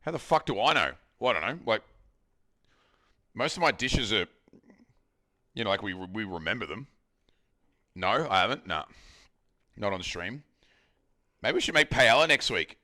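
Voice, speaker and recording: A man's voice: lowish voice, animated, moderate pace, long pauses, bright, forceful tone. An Australian man streaming while cooking at home, bantering loosely with his chat and swearing casually. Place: home kitchen.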